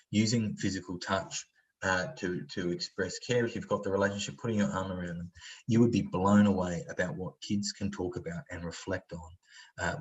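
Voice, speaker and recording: The lo-fi audio carries a man's deep voice as he facilitates an online training workshop. He talks conversationally with many fillers and acts out example voices.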